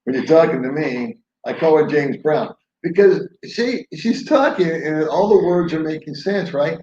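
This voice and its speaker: A man's voice: a little high, lively intonation, moderate pace, darkish tone, slight background noise. A man hosting a casual late-night live stream from home, rambling and joking between chuckles. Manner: rambling, chuckling, jokey storytelling. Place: home in the Philippines. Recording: echoey room, dull lo-fi sound.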